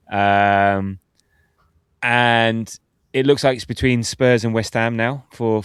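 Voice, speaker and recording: A man, hosting a casual football podcast, chatty and quick to laugh as he reads out listener comments. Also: lowish voice, clear, resonant tone, no room sound, studio quality. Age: 50s. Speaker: podcast host.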